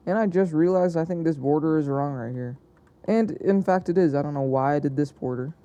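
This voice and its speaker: Narrating an alternate-history map video, a young man with a dark-toned voice on the high side talks fairly quickly. His style is casual and chatty but hesitant, with frequent self-corrections.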